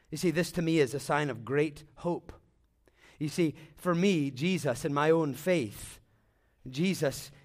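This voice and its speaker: A man with a high voice delivers a storytelling sermon. He swings from loud, excited bursts to hushed, slow lines, and he often stumbles over repeated words. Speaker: preacher.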